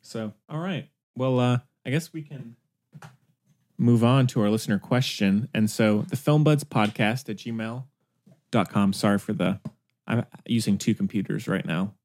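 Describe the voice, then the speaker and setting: A man's voice: lowish voice, a little slow, darkish tone. A man hosting a film podcast in casual chat, easygoing and a little distracted, often restarting his words. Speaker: podcast host.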